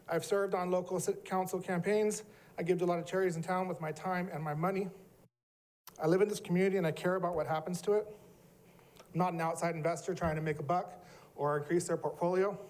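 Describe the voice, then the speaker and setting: Earnest middle-aged man speaking out. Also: fairly high pitch. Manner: emotional, earnest, forceful. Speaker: public commenter. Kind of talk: public comment at a city meeting.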